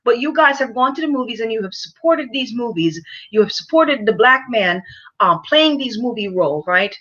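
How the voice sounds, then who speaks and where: A woman vlogger giving her opinions to camera, halting with many fillers and repeated words, and lecturing her audience emphatically. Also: a little high, lively intonation, a bit bright, lo-fi sound.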